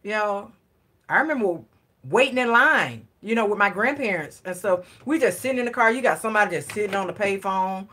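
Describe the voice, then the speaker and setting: A woman's voice: medium pitch, pushed and bright. A woman, telling stories in a casual, playful chat for her vlog and swearing lightly in a slangy way. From Atlanta, US South. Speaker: vlogger.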